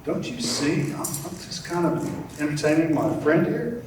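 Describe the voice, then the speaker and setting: Man playing a deadpan famous painter, unimpressed, very roomy hall. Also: on the high side, measured pace, noisy background, pitched above the performer's own voice. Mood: dry. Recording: echoey hall from far off.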